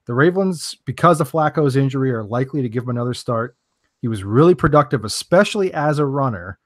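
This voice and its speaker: A man hosts a casual podcast chat at a mid pitch. He steers the talk in a loose, joking, rambling way, and his voice sounds close and dry, with no room echo. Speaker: podcast host.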